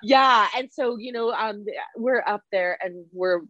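An animated young woman, telling stories from film sets in a casual interview. She laughs often and swears freely. Her voice sounds dry and a little dull, as if recorded close on a modest mic. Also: on the high side, a little slow, no echo. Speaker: guest, film crew and actress.

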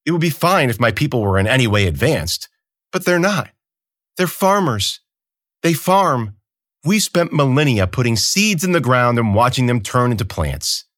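A scornful, bored emperor, as a man acts him out, sneering at his own people with theatrical contempt. The pitch sits raised and swings widely between lines. The voice is close and dry, with no room around it. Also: sing-song, normal speed, fairly bright tone, dry recording. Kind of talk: audiobook character voice.

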